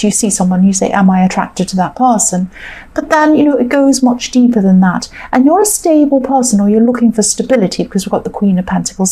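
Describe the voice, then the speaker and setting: A woman's voice: on the high side, warm tone. Chatty woman reading tarot. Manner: chatty, reassuring, many fillers. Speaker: tarot reader. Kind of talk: casual tarot reading to camera.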